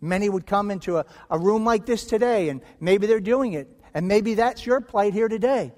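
High-voiced preacher in a reverberant hall. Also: male voice, normal speed, darkish tone. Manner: emphatic preaching, acts out quoted voices with rising pitch. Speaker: pastor. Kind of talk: sermon. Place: church sanctuary.

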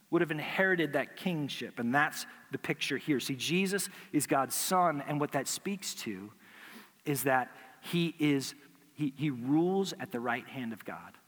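A man's voice: mid-range voice, fairly bright tone, big-room sound. A man preaching a sermon as pastor, teaching through rhetorical questions and acting out imagined replies.

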